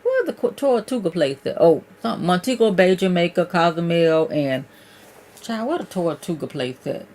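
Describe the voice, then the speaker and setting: A woman's voice: lowish voice, sing-song, normal speed, darkish tone. A woman hosting her own livestream, chatting casually with viewers and calling them "y'all" and "child". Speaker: livestream host.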